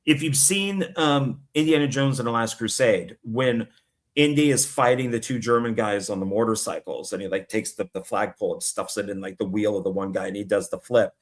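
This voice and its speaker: A man's voice: fairly low pitch, fairly quick. A middle-aged man co-hosting a casual live stream, rambling through stories and acting out quotes. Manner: rambling storyteller, animated, acts out quotes. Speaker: co-host.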